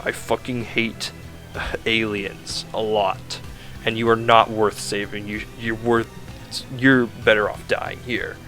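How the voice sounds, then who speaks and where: A man's voice: fairly low pitch, flat delivery, takes it slowly, pushed and bright, faint music behind. A man voicing an arrogant, bossy male mentor who sounds smug and demanding.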